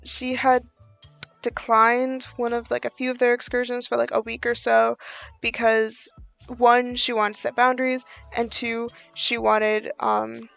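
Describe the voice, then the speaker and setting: A woman's voice: on the high side, flat delivery, a little slow, creaky, a bit bright, smooth, faint music behind. A woman giving a casual book review, chatty and exasperated, with lots of "like" fillers.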